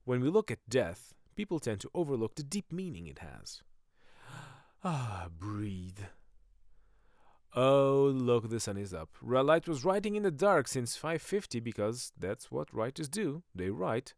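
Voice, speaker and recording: A man hosts a podcast, delivering a rambling comic monologue that keeps wandering onto tangents as he jokes at his own expense. His mid-range, gravelly, slightly mellow voice is very animated and swings up and down a lot, moving at a moderate pace with few pauses. The recording is dry and close, with no room sound.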